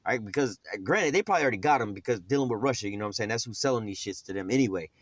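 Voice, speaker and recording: A man's voice: fairly low pitch, expressive, very fast, no room sound. A man giving an informal, streetwise scripture teaching, rambling and profane, with many fillers and restarts.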